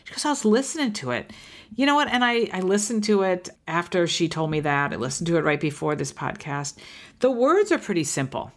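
A woman's voice: fairly low pitch, a little fast. Earnest woman in her fifties. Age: 50s. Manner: earnest and heartfelt, with frequent restarts and fillers. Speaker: podcast host. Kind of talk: reflective podcast monologue.

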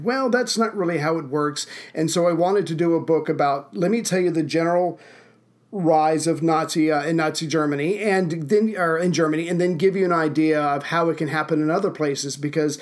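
A podcast host chats casually in a voice on the high side, talking a little fast. He tells rambling stories and pokes fun at himself along the way.

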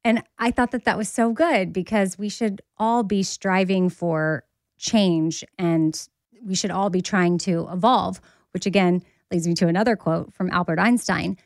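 A woman's voice: lowish voice, measured pace, no echo. Chatty woman cohost, laughs a lot, dry close mic. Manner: chatty, animated, laughs often. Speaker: podcast co-host. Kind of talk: casual chat.

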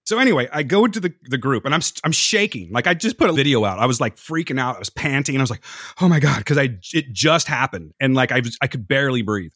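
A man's voice: mid-range voice, fast, husky, no room sound, clean studio sound. A man, hosting a podcast and telling rambling, profane stories. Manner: animated, profane, jumps between anecdotes. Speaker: podcast host. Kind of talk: casual storytelling chat.

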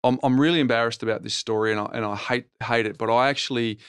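A middle-aged Australian man telling rambling, animated anecdotes in a casual podcast conversation. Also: mid-range voice, fast, clean tone, no echo, clean studio sound. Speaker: podcast guest and TV property co-host.

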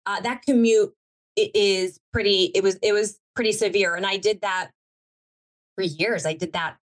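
Woman guest, mid pitch, heartfelt rambling storyteller who corrects herself. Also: steady tone, normal speed. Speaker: TV producer guest. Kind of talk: conversational storytelling interview.

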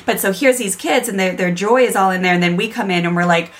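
A woman's voice: medium pitch, fast talker, fairly bright tone. A woman hosting a podcast, chatting enthusiastically and sharing stories about her own kids. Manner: enthusiastic, chatty, mimics scolding parents. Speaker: podcast host. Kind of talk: casual chat.

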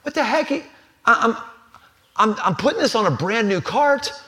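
A man acting out a panicked, exasperated ancient king in a sermon, voice pushed high and pleading. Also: expressive, sharp tone, full character voice. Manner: high, rushed, frantic pleading. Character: panicked frantic King David, adult man.

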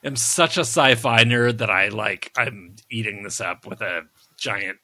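Bright, rambling male podcast co-host. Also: on the low side, a little slow, no room sound. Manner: rambling, lots of filler, self-deprecating. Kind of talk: casual review chat.

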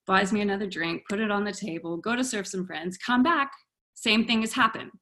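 A woman and wellness coach, telling a story in a casual interview, animated and acting out her dialogue with frequent laughs. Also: medium pitch, brisk.

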